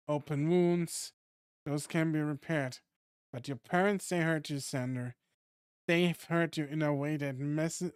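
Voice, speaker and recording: Drayden is a calm, earnest caretaker who soothes rather than scolds, as a man reads him. His voice is smooth and clear, taken slowly, and sits close and dry on the mic. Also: fairly high pitch, dry recording. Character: gentle, protective adult male caretaker in a fight league.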